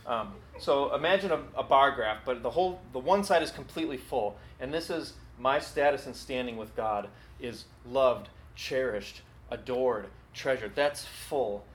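Man preaching in an echoey hall. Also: mid-range voice. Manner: conversational, earnest, with quick asides. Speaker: pastor. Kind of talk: sermon. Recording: echoey hall, faint background noise.

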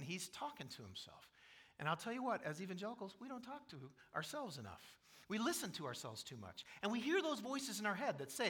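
A man preaching a sermon as pastor, reading scripture and building to loud, emphatic passages. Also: sits high, sing-song, a little fast, husky. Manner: quotes scripture aloud.

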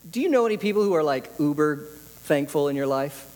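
In a church hall with long, ringing reverb, a pastor delivers a relaxed, conversational sermon, repeating phrases to hammer his points home. His voice is a little high for a man, with a darkish tone, and he speaks animatedly at a slightly fast clip.

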